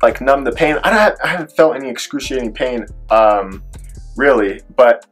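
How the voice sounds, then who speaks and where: Soft music plays behind a young man with an animated, mid-range, fairly bright voice at a moderate pace. Recounting a personal story in his vlog, he rambles with heavy use of "like" and acts out the quoted voices.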